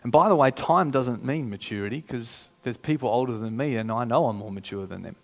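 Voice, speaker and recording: A pastor preaching a sermon in a conversational, emphatic way, repeating phrases for effect. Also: male voice, medium pitch, brisk, creaky.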